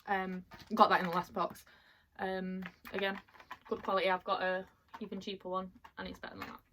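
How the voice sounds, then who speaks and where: A woman chatting casually as she unboxes items at home, excitable and quick to laugh. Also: mid-range voice, noisy background. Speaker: vlogger. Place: at home, in a bedroom.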